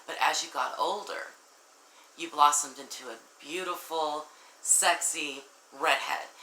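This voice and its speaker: A woman reads tarot cards for her audience in a low, bright voice. She talks earnestly and speaks straight to viewers. The room echoes, with a faint hiss behind her. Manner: earnest, warm-hearted, addresses viewers directly, emotional. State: tearful at times. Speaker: tarot reader. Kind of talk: casual tarot reading to viewers.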